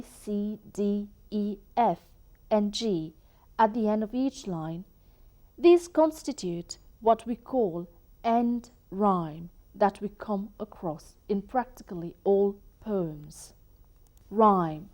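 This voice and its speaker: Slow, mellow-voiced woman teaching poetry. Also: mid-range voice. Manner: slow, deliberate explaining, reading verse aloud. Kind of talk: educational lecture.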